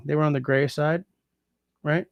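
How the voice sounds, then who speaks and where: A man's voice: fairly high pitch, fairly even intonation, takes it slowly, darkish tone, no room sound, clean studio sound. A man hosting a casual livestream, reading out viewer comments and thinking aloud as he tries out French translations. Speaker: livestream host.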